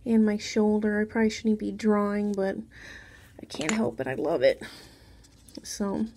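Soft-voiced woman chatting through a drawing lesson. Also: medium pitch, animated, measured pace, slight background noise. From Mexican background. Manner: chatty, softly spoken, drifting into asides. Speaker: drawing tutorial host. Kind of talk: casual drawing tutorial narration.

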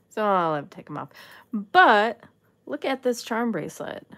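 A woman's voice: medium pitch, big pitch swings, moderate pace, fairly bright tone. A woman vlogger casually chatting through a jewelry haul, musing aloud and talking to the items. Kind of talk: casual unboxing chat.

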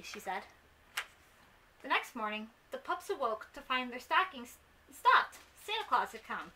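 Young woman host, friendly storybook reader; high, bright voice. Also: very animated, unhurried, long pauses, far from the mic, a little hiss or hum, low-quality recording. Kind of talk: storybook read-aloud.

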